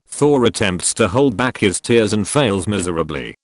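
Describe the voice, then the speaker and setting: A man reads a movie retelling aloud, naming each speaker as he goes. His voice is low, and his intonation moves a lot. The recording is dry and close. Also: animated, moderate pace, dry recording. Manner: plain reading, announcing each speaker.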